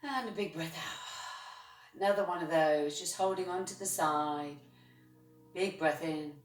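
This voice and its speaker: A woman leading a chair yoga class, guiding breaths and movements with gentle, encouraging praise. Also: low-pitched, unhurried, faint music behind. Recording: roomy sound from a distance.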